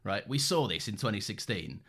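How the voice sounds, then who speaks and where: A man in casual podcast chat about a TV show, keen and quick to laugh. His intonation is lively and swings widely. He leans on fillers and restarts. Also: fairly low pitch. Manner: enthusiastic, laughs often, many fillers. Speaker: podcast co-host.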